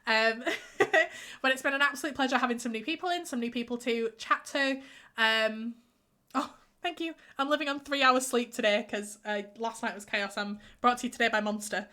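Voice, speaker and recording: Bright-voiced woman streaming with a cold. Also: on the high side, moderate pace. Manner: chatty, reads out and answers viewer messages. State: has a cold, congested. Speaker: live streamer. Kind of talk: casual live-stream chat while gaming.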